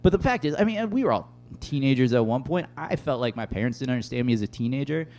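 A man's voice: medium pitch, expressive, fast, a little mellow. A man preaching a casual, conversational sermon to a room, with frequent fillers. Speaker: pastor. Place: room with tables and an audience.

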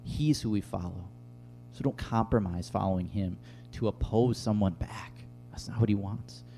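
A man with a low, gravelly voice gives an earnest, conversational sermon as a youth pastor, mixing a personal story into his teaching. His tone is dark and mellow, and faint guitar plays behind him. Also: moderate pace. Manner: conversational, earnest, uses filler words.

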